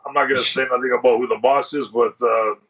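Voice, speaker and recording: In a lo-fi podcast recording with crowd noise, a male host talks fast at a medium pitch and steady tone. He chats casually, telling crude, profanity-filled stories and acting out what people said.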